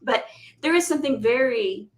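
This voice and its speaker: Middle-aged woman host, casual coaching chat, lively storyteller, pitched a bit high. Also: moderate pace, rough recording. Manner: animated storyteller, acts out quotes. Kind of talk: casual conversational interview.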